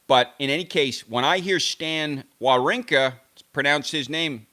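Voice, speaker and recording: A man hosts a tennis live stream, chatting casually with viewers in a slow, pushed, bright mid-range voice. He rambles and corrects himself, musing aloud over how to pronounce names.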